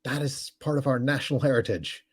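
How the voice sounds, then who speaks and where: A man's voice: medium pitch, brisk, slightly rough, voice pushed up, natural voice. A man putting on the voice of a smug, stuffy Englishman in a mocking way.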